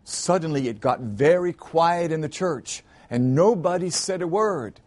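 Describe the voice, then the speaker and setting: Pastor guy preaching with a folksy story, fairly high voice. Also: a little slow, few pauses. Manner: animated storyteller, folksy asides. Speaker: pastor and host. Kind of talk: sermon with storytelling.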